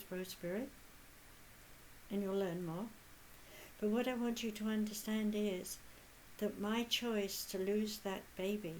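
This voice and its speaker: Earnest elderly woman medium, measured pace. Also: mid-range voice, vocal fry, a little mellow, a little hiss or hum, poor audio. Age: 80s. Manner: measured and earnest, with long pauses. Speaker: spiritual medium. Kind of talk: channeled spiritual talk.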